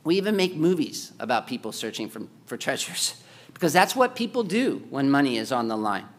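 A man preaching a sermon, swinging between loud, pressing exhortation and quiet, low-key storytelling. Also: sing-song, brisk. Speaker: pastor.

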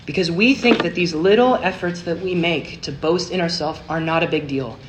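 A man's voice: on the high side, normal speed. Man preaching over a noisy recording. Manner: expressive storytelling with big swings from hushed to emphatic. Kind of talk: sermon.

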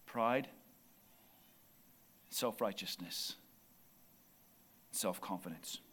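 A man preaching a sermon in church, impassioned and building to near shouts. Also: on the low side, extremely slow, slight background noise.

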